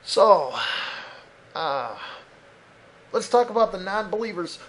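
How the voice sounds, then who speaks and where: A man rants angrily on a desk mic, his voice pitched high. He swears constantly and slips into mocking impressions of other people. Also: animated, measured pace, slight background noise. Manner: angry, profane, loud ranting with mocking voices. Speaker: podcast host. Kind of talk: solo rant podcast. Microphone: desk mic at a computer.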